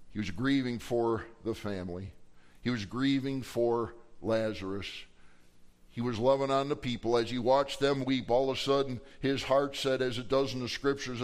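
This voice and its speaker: Man preaching a sermon, dramatic delivery. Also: mid-range voice. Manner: preaching with dramatic acted quotes. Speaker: pastor. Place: church sanctuary.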